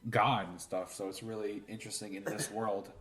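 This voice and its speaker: A man's voice: on the low side, little pitch movement, normal speed, fairly bright tone. A man co-hosting a casual podcast chat, thoughtful with many filler words. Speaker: podcast co-host.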